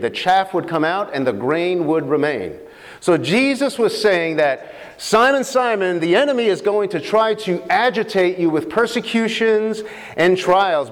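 A man preaching a sermon, reading scripture aloud with expressive, dramatic pauses. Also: high-pitched. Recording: long hall reverb.

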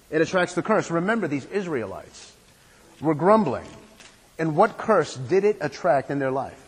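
High-voiced preaching man, reverberant hall. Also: slightly rough. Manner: repetitive preaching cadence, rhetorical questions. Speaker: pastor. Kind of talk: sermon.

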